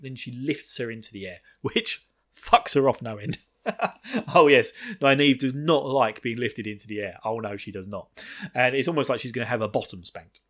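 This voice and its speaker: A man's voice: medium pitch, a bit bright. A man casually recapping a fantasy book, rambling and laughing often as he goes. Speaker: book reviewer.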